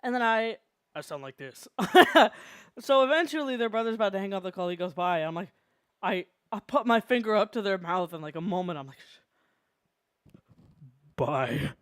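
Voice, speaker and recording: A streamer chatting casually while drawing, telling animated stories and laughing often. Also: mid-range voice, fairly quick, clean tone, dry recording, studio quality.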